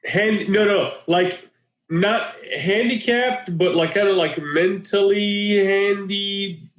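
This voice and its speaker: A man co-hosting a podcast, telling an animated story in casual chat and laughing often. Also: high-pitched, takes it slowly. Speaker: podcast co-host. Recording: roomy echo.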